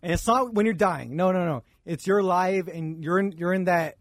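A man's voice: sits high, moderate pace, dry recording, clean studio sound. A man co-hosting a podcast, telling a long religious parable in casual chat, acting out the characters' lines and checking in with "right?". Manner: storytelling, acts out dialogue, repeats "right?". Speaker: podcast co-host.

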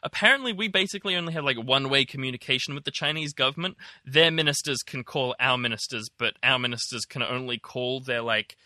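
A man's voice: mid-range voice, fast, few pauses, sharp tone, no room sound, studio quality. A young man co-hosting a casual news podcast, rambling with lots of "like" and a wry tone. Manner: rambling, many likes, wry. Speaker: podcast co-host.

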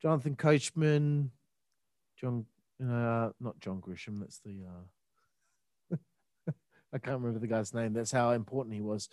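A man's voice: medium pitch, unhurried, pauses often, a little mellow, no room sound, clean studio sound. A man in casual podcast chat, telling a story in a reflective way and trailing off mid-thought.

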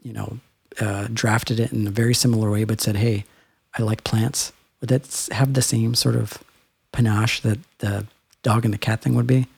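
Guy with a gravelly husky voice, rambly casual podcast chat. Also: fairly low pitch, level tone, moderate pace, a little mellow, no echo. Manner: rambling, storytelling with filler words.

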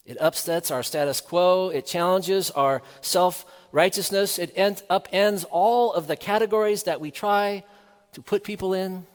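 Man, preacher, sermon, earnest measured delivery, rhetorical questions, long hall reverb. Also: sits high.

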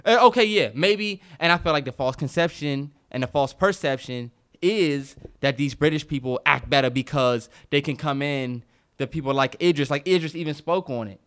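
A man's voice: a little high, moderate pace, fairly bright tone, smooth. A man co-hosting a podcast, riffing in casual chat with emphatic, profane opinions. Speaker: podcast co-host.

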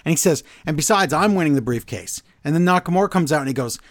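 A man's voice: a little high, lively intonation, quick pace, dry recording, clean studio sound. A man co-hosting a podcast, recapping wrestling in casual chat with sarcastic, exasperated asides. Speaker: podcast co-host.

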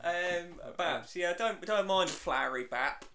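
Man, podcast co-host, lively pitch, jokey banter, frequent laughter. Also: normal speed. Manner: jokey, teasing, laughs often. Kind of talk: casual banter.

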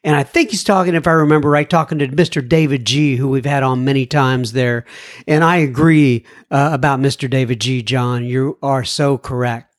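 A man's voice: medium pitch, steady tone. Earnest man reading listener mail. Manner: slow, earnest, stops to comment and thank writers. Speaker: podcast host. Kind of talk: reading listener emails on a podcast.

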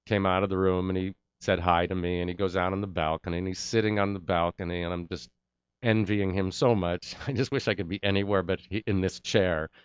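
A man's voice: low-pitched, brisk, clean tone, dry recording, lo-fi sound. A man, an actor, telling an anecdote in an interview, acting out the lines of the people in it. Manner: animated anecdote-telling with acted-out quotes. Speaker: actor and guest. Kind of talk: interview storytelling.

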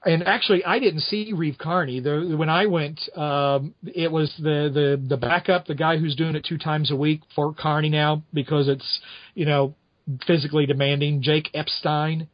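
Guy rambling casual review, kinda high voice, dull dry sound. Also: fairly even intonation, moderate pace, no room sound. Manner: rambling, many restarts and asides. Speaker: podcast host reviewing a musical. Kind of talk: casual chat.

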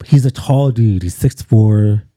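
A pastor guest on a podcast telling a personal story in casual chat, animated and acting out quotes with lots of fillers. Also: male voice, fairly low pitch, unhurried, no echo, clean studio sound.

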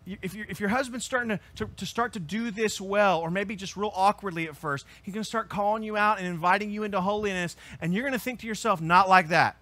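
A man preaching as pastor, earnest and emphatic, swelling to loud peaks and then dropping low and quiet. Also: quick pace, few pauses. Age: adult with children. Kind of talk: sermon.

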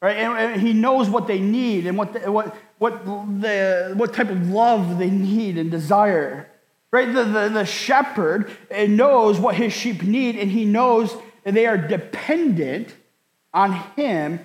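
A man delivers a sermon in an earnest, deliberate way, often doubling his words and checking in with "right?". His voice sits high and moves at an unhurried pace. The sound is roomy, with a long reverb that points to a large church sanctuary. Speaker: pastor. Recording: echoey hall, long reverb.

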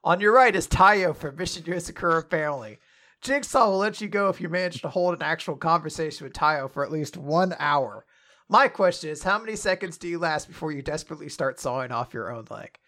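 Male podcast co-host, slightly high voice, lively storyteller. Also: a little fast. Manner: animated storytelling, acts out scenarios. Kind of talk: casual podcast chat.

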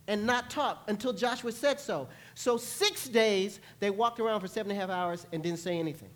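Playful animated preacher man. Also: high voice, moderate pace. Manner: animated, playful, acts out voices and laughs with the congregation. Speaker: pastor. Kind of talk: sermon. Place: church sanctuary.

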